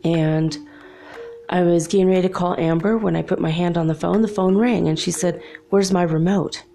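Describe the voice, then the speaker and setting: A woman's voice: lowish voice, fairly even intonation, brisk, gravelly, warm tone, soft background music. A young adult woman telling a personal story in a casual, chatty way, laughing often between remarks.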